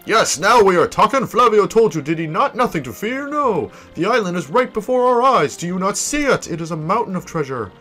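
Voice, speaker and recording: A man's voice: sits high, big pitch swings, a little fast, hardly any pauses, fairly bright tone, faint music behind, exaggerated voice. A man voicing a vain, boastful male merchant in a video game playthrough, with grand and flowery delivery. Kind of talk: let's play, reading game dialogue aloud.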